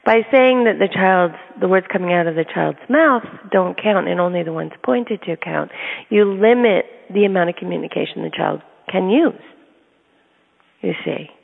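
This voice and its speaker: A woman's voice: on the low side, normal speed, creaky. A middle-aged woman, an autism advocate and parent, talking casually through personal stories in an earnest, chatty way, often laughing mid-sentence. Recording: tinny phone-like sound with long reverb.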